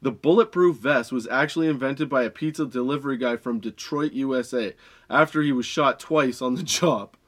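A young adult man, high and laughing often, reading odd facts and ranting with a lot of swearing. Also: moderate pace, fairly bright tone. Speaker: podcast host. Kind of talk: casual stoned rant.

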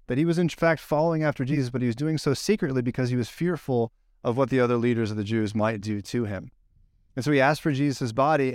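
A man preaching a casual, conversational sermon, telling the story with lively acted-out quotes. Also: medium pitch, no room sound, clean studio sound. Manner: animated storyteller, acts out quoted lines. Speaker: pastor.

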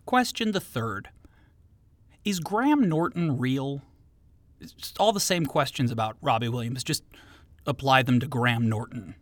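A man's voice: mid-range voice, lively intonation, a little slow, pauses often, no echo. A male interview host reading jokey, scripted questions in a playful, theatrical way. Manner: playful, joking, theatrical delivery.

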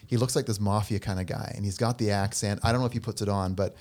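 Guy with a lowish voice chatting on a podcast, tells stories and does the voices of people in them. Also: quick pace. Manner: animated storyteller, acts out quoted voices. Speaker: podcast co-host and musician. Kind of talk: casual storytelling chat.

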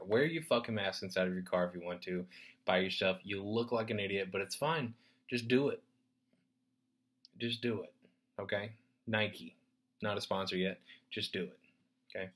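A man hosting a solo podcast, ranting in a profane, animated way, swinging between loud bursts and muttered asides. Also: medium pitch. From United States. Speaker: podcast host. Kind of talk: rambling solo podcast rant.

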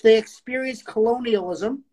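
A man's voice: very high voice, moderate pace, darkish tone, low-quality recording. A man in his late thirties co-hosting a poetry show in casual chat, rambling with stammered restarts and plenty of swearing. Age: late 30s.

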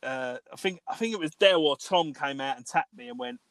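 A man's voice: medium pitch, animated, brisk, fairly bright tone, dry recording. A man, co-hosting a podcast, telling a long rambling story with plenty of swearing, fillers and restarts. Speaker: podcast co-host. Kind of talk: casual storytelling chat.

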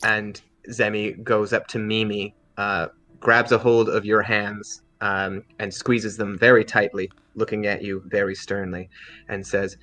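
A man narrating a tabletop game as game master, telling the story in a relaxed way with many fillers. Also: lowish voice, measured pace.

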